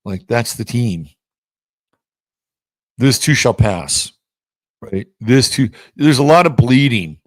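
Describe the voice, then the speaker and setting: A man's voice: expressive, takes it slowly, pauses often, dry recording, clean studio sound. A man hosting an astrology forecast in a blunt, chatty way, now and then jumping into playful acted-out voices. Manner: blunt, chatty, acts out voices with big pitch swings. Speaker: astrology show host. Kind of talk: casual astrology forecast monologue.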